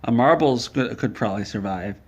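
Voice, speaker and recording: A man telling an absurd comic story in a deadpan way, dropping in mock ad plugs. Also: mid-range voice, fairly quick, husky, highs cut off. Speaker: comedic storyteller.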